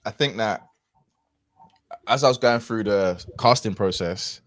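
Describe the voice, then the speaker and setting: A man speaks low and unhurried, working through a personal story with fillers and false starts. His voice is close and dry, with no room sound around it. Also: no room sound. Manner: reflective, rambling with many fillers and restarts. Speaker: podcast guest. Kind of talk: casual storytelling chat.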